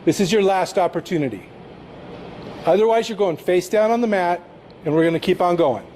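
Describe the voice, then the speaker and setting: A police officer with a fairly high voice issues firm, commanding instructions. He is picked up by a body camera, with a faint hiss underneath. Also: brisk, warm tone. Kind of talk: giving firm orders.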